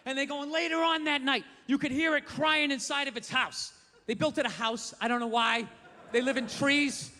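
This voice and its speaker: A man's voice: extremely high pitch, fairly even intonation, moderate pace, sharp tone. A male stand-up comedian on a club stage, ranting and swearing in exasperation. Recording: live hall reverb, faint noise.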